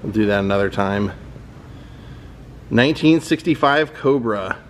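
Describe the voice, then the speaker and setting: A man's voice: on the low side, lively intonation, a little slow, a little hiss or hum. A man giving a casual, admiring walking tour of a car museum, thinking aloud as he goes. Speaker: vlogger touring a car museum.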